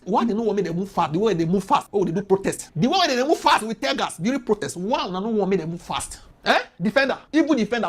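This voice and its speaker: A woman with a Nigerian accent giving impassioned political commentary, firing off rhetorical questions and mixing Pidgin with English. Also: on the high side.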